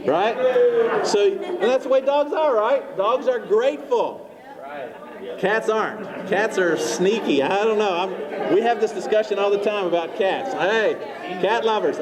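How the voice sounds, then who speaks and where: A man's voice: high voice, expressive, normal speed, a crowd in the background. A man pastor preaching a conversational sermon in a church hall, full of fillers and asking the congregation questions. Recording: echoey hall, distant mic.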